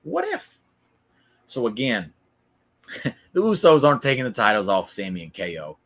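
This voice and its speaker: A man's voice: lowish voice, big pitch swings, moderate pace, a bit bright. Opinionated man, chatty live recap host. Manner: opinionated, chatty, answers chat viewers by name. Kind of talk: casual live-stream commentary.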